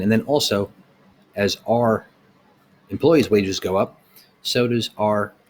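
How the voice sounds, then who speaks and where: A middle-aged man who owns a small business, delivering a blunt, heated opinion rant with rhetorical questions. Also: on the low side.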